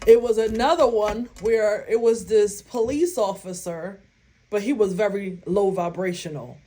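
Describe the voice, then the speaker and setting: Blunt, animated woman vlogger. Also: medium pitch. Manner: animated, blunt and profane, acting out her own reactions. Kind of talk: casual storytelling to viewers.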